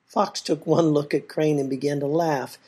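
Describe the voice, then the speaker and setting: A woman reading a folk tale aloud in a measured, expressive way. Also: low-pitched, slightly rough. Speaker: storyteller.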